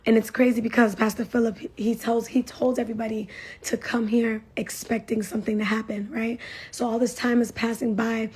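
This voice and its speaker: A woman's voice: a little high, flat delivery, brisk, a little mellow, husky. A young woman giving a casual spoken testimony, chatty, full of fillers and repeated phrases. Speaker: churchgoer sharing a testimony.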